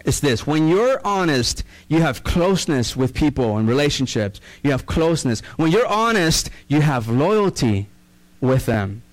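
A male pastor preaching a sermon in an animated, conversational way with playful asides. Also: on the high side, measured pace, low-quality recording.

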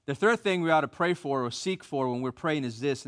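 An American man delivers a sermon in a slightly high voice, animated and emphatic. He repeats key phrases and pulls the congregation into call-and-response. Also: a little fast. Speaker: preacher.

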